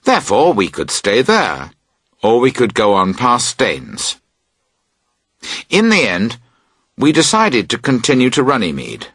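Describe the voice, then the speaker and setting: Husky slow-reading male narrator. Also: mid-range voice, no room sound, studio quality. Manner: expressive, voices characters. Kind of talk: audiobook reading of a graded reader.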